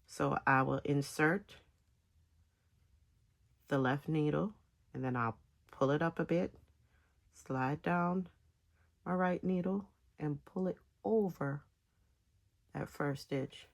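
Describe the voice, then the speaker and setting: A woman walks a beginner through knitting, step by step, in a casual tutorial. She speaks slowly and her voice is a little low. Her phrasing is halting, with pauses between short chunks, and her tone has a gravelly edge. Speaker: knitting instructor.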